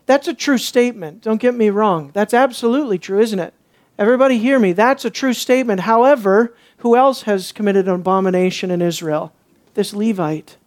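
A man with a high voice gives an expository sermon at a moderate pace. He asks rhetorical questions, alternates between soft and emphatic delivery, and turns sarcastic when imitating others.

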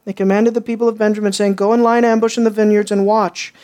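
A woman pastor preaching a sermon, telling stories and acting out the people in them. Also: fast. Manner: animated storytelling, acts out characters with jumps in pitch.

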